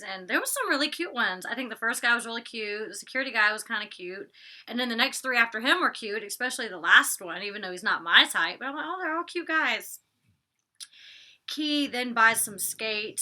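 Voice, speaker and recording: Reviewing a reality show from her home, a young vlogger speaks in a bright, fairly high voice with a forceful tone. Her casual, opinionated take is full of likes, ums and laughs.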